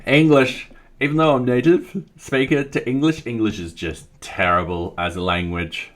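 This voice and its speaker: A man's voice: medium pitch, steady tone, normal speed. A man with an Australian accent, thinking aloud in casual chat while coding on a live stream and reading out chat messages. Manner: thinks aloud, chatty and self-deprecating, reads chat.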